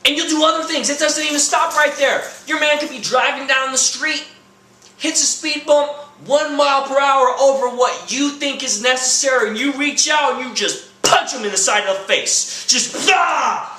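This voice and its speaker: A young man delivering a comedic rant, acting out quoted lines and bursting into shouts. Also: very high voice, normal speed, roomy sound, low-quality recording. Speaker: comedy vlogger.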